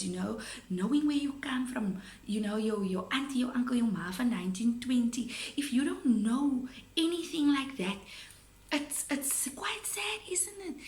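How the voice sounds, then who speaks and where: A woman with a South African accent, a teacher giving a chatty, playful video lesson to her students. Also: on the high side. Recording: roomy echo.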